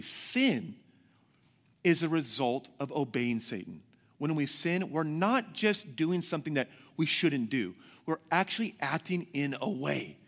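A man preaching a sermon as pastor, telling stories with animated swings from hushed to shouting. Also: fairly high pitch, big-room sound.

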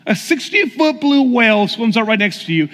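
A man's voice: extremely high pitch, big pitch swings, normal speed, fairly bright tone. A man preaching a sermon, telling stories and putting questions to his congregation. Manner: storytelling, questions the audience. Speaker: pastor. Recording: long hall reverb.

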